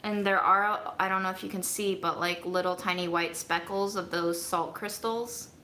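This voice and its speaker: A woman's voice: fairly low pitch, steady tone, moderate pace, bright, forceful tone, reverberant, a little hiss or hum. A woman vlogging in her home kitchen, chatting casually and rambling with self-mocking humor to her viewers. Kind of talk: casual chat to a livestream audience.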